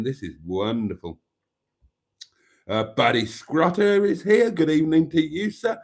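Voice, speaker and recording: A man's voice: fairly high pitch, lively intonation, unhurried, creaky, soft background music. A man hosting a casual live stream, reading out viewer comments and greeting viewers by name. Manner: chatty, reads viewer comments aloud and greets them.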